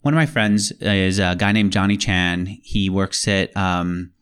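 A man's voice: low-pitched, fairly even intonation, measured pace, fairly bright tone, smooth. A man speaking as an interview guest, explaining his ideas in an emphatic, conversational way.

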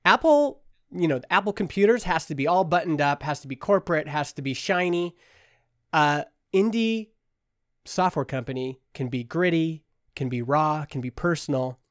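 A man who founded a small software company, telling stories as a guest in a casual interview and acting out the people in them. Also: on the high side, moderate pace, no echo, studio quality. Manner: animated, acts out the people in his stories.

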